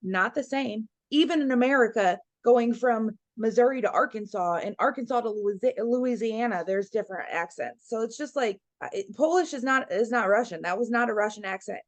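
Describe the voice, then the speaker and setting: A woman's voice: on the high side, fairly quick, hardly any pauses, dry recording. A woman talking bluntly and with feeling in a casual podcast discussion, swearing freely. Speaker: podcast co-host.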